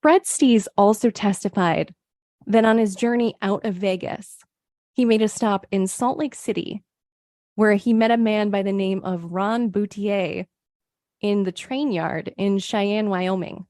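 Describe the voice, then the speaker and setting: A woman's voice: mid-range voice, steady tone, unhurried, a little mellow, dry recording, clean studio sound. A woman co-hosting a true crime podcast, narrating case details from a script and quoting her sources. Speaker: podcast co-host.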